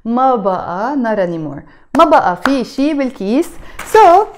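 A young woman with a Lebanese accent, teaching Arabic vocabulary and patiently repeating each phrase slowly and then quickly. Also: on the high side, big pitch swings, a little mellow, a little hiss or hum. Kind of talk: explaining Lebanese Arabic words from a shopping bag.

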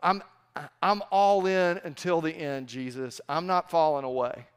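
An impulsive, devoted male disciple protests with emphatic, quick-fire insistence, as a pastor puts him on. The voice sits a little high for a man and stays emphatic throughout. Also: fairly even intonation, clear, resonant tone, natural voice. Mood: insistent.

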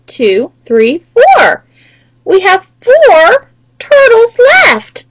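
Very high, lively-voiced woman tutor. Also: low-quality recording. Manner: playful sing-song, exaggerated excitement. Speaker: math tutor. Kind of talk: children's math lesson.

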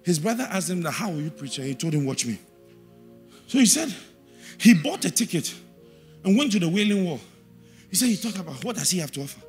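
A man with a Ghanaian English accent preaching a sermon in a church, repeating verse references and swinging from quiet asides to shouted, sing-song emphasis. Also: sits high, sing-song, a little fast, long pauses, soft background music.

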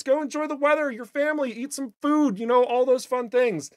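A game studio host chatting casually on a livestream, playful and upbeat with jokey asides. The voice is a little raspy today. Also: sits high, brisk, hardly any pauses, no room sound. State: slightly raspy voice.

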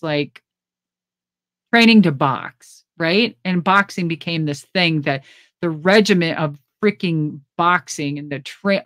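A middle-aged woman, a former pro wrestler, telling stories in a casual interview with blunt, profane, animated talk and frequent laughs. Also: deep voice, dry recording, clean studio sound.

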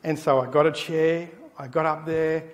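A middle-aged man, a pastor preaching a sermon and telling an anecdote with animated storytelling. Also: fairly high pitch, normal speed. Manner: animated storytelling, acting out the people in his anecdote. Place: church.

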